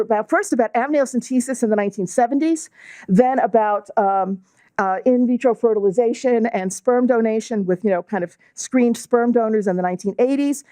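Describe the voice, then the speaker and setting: A middle-aged woman with a New York accent giving a measured, explanatory lecture as a guest speaker, using fillers now and then. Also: a little high, mellow, no room sound. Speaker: guest speaker, law and bioethics professor. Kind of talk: lecture to a club audience.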